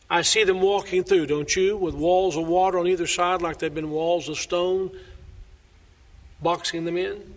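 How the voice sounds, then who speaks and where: A man preaching a sermon as pastor, swinging between loud declarations and hushed asides. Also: high-pitched, steady tone, a little slow, long pauses. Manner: preaching with sweeping rises and drops in loudness. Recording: long reverb of a large hall.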